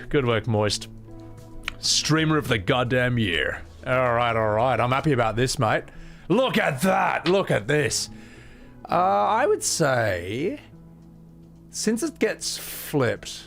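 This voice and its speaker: A man streaming a game, chatting and joking with his viewers in an excitable, swearing manner. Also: medium pitch, takes it slowly, creaky, faint music behind. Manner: excitable, swearing, jokey banter with chat. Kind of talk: casual gameplay commentary.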